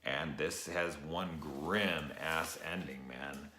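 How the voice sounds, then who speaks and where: Tired deep-voiced man rambling a review. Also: takes it slowly, pushed and bright, slight background noise. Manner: rambling, swears often, many fillers. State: tired, late at night. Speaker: show reviewer. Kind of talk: casual spoken review. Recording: echoey room.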